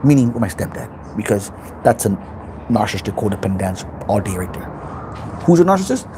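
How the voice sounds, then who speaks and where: A man's voice: fairly low pitch, very animated, a little fast. Guy ranting self-help stuff, voice jumps all over, swears a lot, faint car noise behind. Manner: intense, preachy, repeats himself, swears freely. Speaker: self-help channel host. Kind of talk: unscripted motivational monologue.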